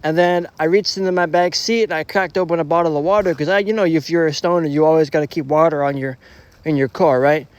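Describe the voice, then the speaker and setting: A man's voice: on the high side, steady tone, fast talker, clear, resonant tone. A young man rambling through a casual storytime monologue, slangy and profane, full of restarts. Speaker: storytelling vlogger.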